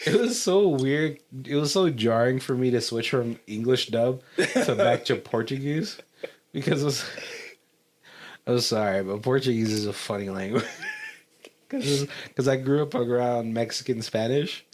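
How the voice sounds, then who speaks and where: A man talks through a film's plot in a loose, rambling way, his pitch bouncing around lively as he goes. He keeps stopping to search for words and breaks into laughter. It is a relaxed podcast chat. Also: unhurried, slight background noise. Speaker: podcast co-host. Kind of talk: casual movie commentary chat.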